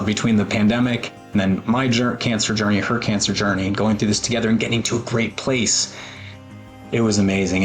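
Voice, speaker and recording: A man in his forties telling a personal story in an earnest, emotional way, with pauses and fillers. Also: on the low side. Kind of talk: personal talk with photos.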